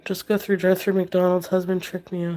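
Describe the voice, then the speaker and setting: A woman's voice: on the low side, level tone, a little fast, dark tone. A woman with a sick voice chatting on a livestream, rambling between reading out chat comments and talking to her pet.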